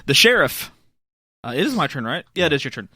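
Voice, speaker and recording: A young man co-hosting a podcast, relaxed and slangy, often laughing at his friend's stories. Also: on the high side, quick pace, breathy edge, dry recording, studio quality. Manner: laid-back, laughs a lot, slangy reactions. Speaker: podcast co-host. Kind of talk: casual podcast chat.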